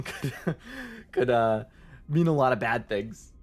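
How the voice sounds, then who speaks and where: A man's voice: mid-range voice, expressive, moderate pace, long pauses, soft background music. A man streaming as a VTuber, chatting casually and rambling as he answers his chat, with many fillers.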